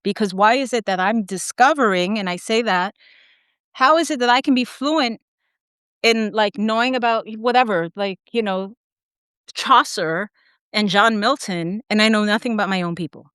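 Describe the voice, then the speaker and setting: A woman guest on an interview podcast, telling her story with animated asides, quick laughs and acted-out quotes. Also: mid-range voice, clean tone, no room sound, clean studio sound. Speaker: podcast guest, academic editor.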